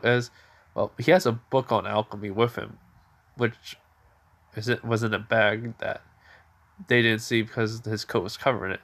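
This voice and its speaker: A man's voice: medium pitch, fairly even intonation, a little slow, a bit bright. A man improvising a fan story aloud, rambling, with many restarts and fillers. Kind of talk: improvised fan-fiction narration.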